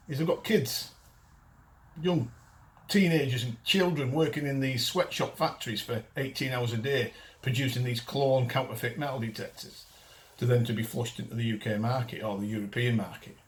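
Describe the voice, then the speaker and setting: A man's voice: mid-range voice, normal speed. Blunt man in his fifties, ranting. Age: 50s. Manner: blunt, ranting, frequent restarts. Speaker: detecting show host and dealer. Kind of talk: casual chat to camera.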